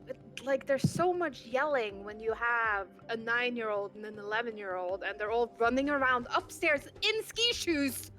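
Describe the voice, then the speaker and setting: Woman, higher pitched, chatty, casual anecdote, lots of fillers, faint music under. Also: animated, measured pace, a bit bright. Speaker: tabletop game player. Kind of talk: casual chat, telling an anecdote.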